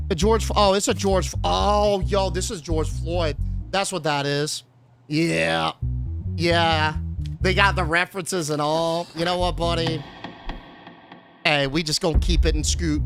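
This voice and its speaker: A young man streaming a game, chatting casually and profanely and reading the game text aloud. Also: fairly high pitch. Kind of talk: casual gameplay commentary. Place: home streaming setup.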